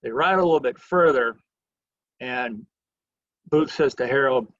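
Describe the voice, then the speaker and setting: A man giving a history lecture as a museum educator, telling events as a lively story and acting out quoted lines. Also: mid-range voice, measured pace, long pauses, no echo, highs cut off.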